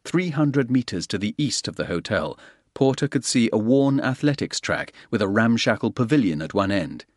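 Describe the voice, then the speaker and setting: An audiobook narrator, a man with a low voice, reads a scripted action thriller at a steady, brisk clip. The recording is dry and close-miked, with no room sound and no echo.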